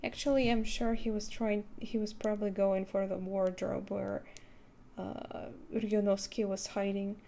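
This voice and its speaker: A woman's voice: medium pitch, level tone, a little slow, creaky, warm tone, slight background noise. A woman streamer commenting on a story game, amused and reacting with short laughs. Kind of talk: let's play commentary.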